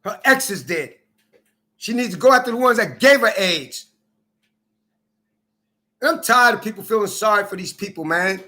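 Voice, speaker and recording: A man with a high, bright voice, ranting bitterly straight at the camera. He accuses, swears and circles back to the same lines again and again, with a raw, personal edge. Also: lively intonation, moderate pace, pauses often. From Minnesota. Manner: bitter, accusing, repetitive, profane. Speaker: vlogger. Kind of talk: angry personal rant to camera.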